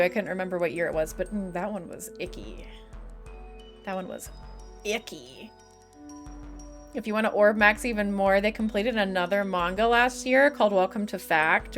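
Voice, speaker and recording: A woman's voice: medium pitch, fairly bright tone. A young woman streamer chatting casually with her live chat, swearing and laughing often, her voice starting to give out. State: losing her voice.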